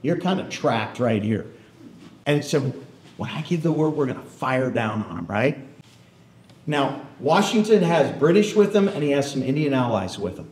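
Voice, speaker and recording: A man, a historian, tells an animated story to an audience and keeps checking in with them. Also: medium pitch, moderate pace. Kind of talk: storytelling lecture. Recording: roomy hall echo.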